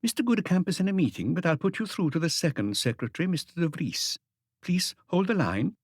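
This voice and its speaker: A man's voice: on the high side, expressive, brisk, breathy edge, no echo, studio quality, pitched above the performer's own voice. A man voicing a cheerful young woman receptionist with a slight Dutch accent, polite and formal.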